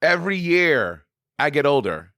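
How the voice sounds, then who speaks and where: A man's voice: on the high side, unhurried, no echo, studio quality. A man with a Saint Lucian accent co-hosting a podcast, telling stories with lots of laughter. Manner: animated storytelling, laughs often. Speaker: podcast co-host. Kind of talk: casual chat.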